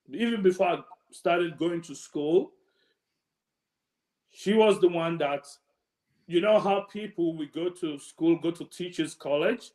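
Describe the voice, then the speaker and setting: A man's voice: fairly high pitch, echoey room. A man from Sierra Leone with a Sierra Leonean accent, hosting an event on a video call, chatty and full of anecdotes. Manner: chatty, anecdotal, laughs often. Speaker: event host.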